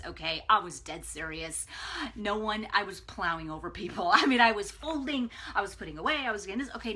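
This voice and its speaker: A woman hosting a live video, giving a casual, emphatic pep talk and checking in with viewers. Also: mid-range voice. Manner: energetic and emphatic, chatty, with frequent "okay?".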